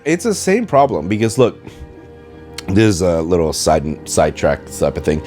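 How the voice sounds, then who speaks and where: Low-voiced man with Spanish-tinged English. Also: a little mellow. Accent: Spanish-influenced English, rolled R's. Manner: rambling, loses his train of thought. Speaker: podcast host. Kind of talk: casual rambling monologue. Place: at home, dishwasher running. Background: faint video game music.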